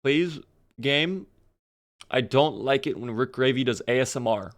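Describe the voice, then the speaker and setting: A man's voice: medium pitch, measured pace. Playful male game streamer. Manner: playful, joking, mock-formal asides; chats with viewers by name. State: talking around a sore in his mouth. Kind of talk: casual gameplay commentary to live chat.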